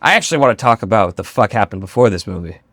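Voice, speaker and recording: A man's voice: on the low side, lively intonation, very fast, fairly bright tone, no echo, clean studio sound. A man co-hosting a podcast in casual chat, swearing freely and acting out quotes in funny voices. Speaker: podcast co-host.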